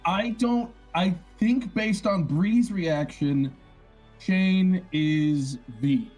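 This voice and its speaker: A man's voice: sits high, drawn-out words, darkish tone, faint music behind. A man chatting on a game stream, flustered and fumbling while he sorts out his setup. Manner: flustered, mumbling through tech trouble. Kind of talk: casual chat.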